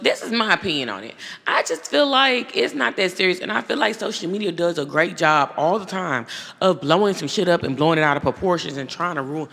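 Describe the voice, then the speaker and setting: A woman hosting a podcast, giving blunt, profane, animated commentary in a casual way. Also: fairly low pitch, a little fast, creaky, big-room sound. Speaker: podcast host.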